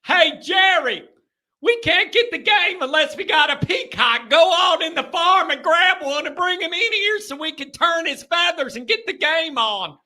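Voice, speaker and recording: A man doing a loud, confused rural football fan with an exaggerated Southern twang. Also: animated, moderate pace, full character voice. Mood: baffled, shouting. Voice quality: high, shouty and bewildered.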